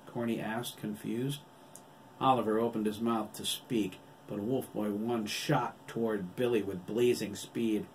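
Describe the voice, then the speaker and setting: Low-voiced man narrating an audiobook. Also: steady tone, measured pace, slight background noise. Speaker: author reading his novel.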